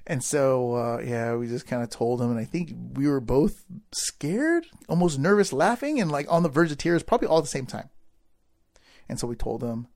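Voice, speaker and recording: A man telling a personal story to a crowd, acting out the people in it and swinging from quiet asides to loud bursts. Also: mid-range voice, normal speed, creaky. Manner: animated storyteller, acts out voices of people in the story. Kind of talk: storytelling speech.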